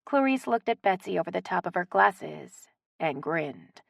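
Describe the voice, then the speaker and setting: A woman reading a romance audiobook aloud in an expressive narrating style. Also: on the low side, moderate pace, gravelly, few pauses, dry recording, studio quality. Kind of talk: scripted narration.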